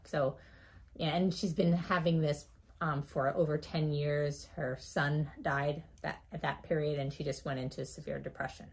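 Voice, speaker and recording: Woman doctor guest, expressive storyteller, slightly low voice, laughs often and acts out voices. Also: normal speed, breathy edge. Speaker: physician guest. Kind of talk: animated storytelling in an interview.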